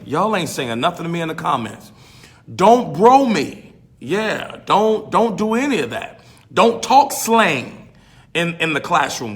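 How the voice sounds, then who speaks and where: Man, pastor, high-pitched, emphatic, repetitive, preachy podcast talk. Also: fairly bright tone. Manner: emphatic, repetitive, folksy with slang.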